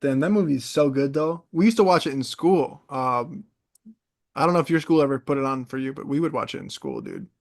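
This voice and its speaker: A young man in casual podcast chat, an animated storyteller who wanders into tangents. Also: mid-range voice, a little fast, gravelly. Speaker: podcast co-host.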